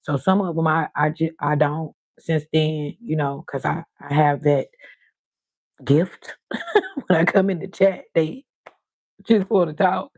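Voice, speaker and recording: A woman's voice: low-pitched, takes it slowly, no room sound. Casual nana live streaming, rambling storyteller, does little voices for folks in her stories. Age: older. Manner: chatty storytelling, animated quoted voices.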